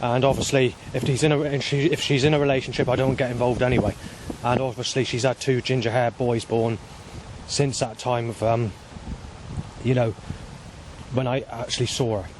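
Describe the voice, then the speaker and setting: A man, rambling and swearing as he walks outdoors filming on his phone, at times flaring into angry shouting. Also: mid-range voice, level tone, normal speed, noisy background. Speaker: vlogger. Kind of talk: rambling walking vlog monologue. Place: outdoors, walking along paths. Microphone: handheld phone camera.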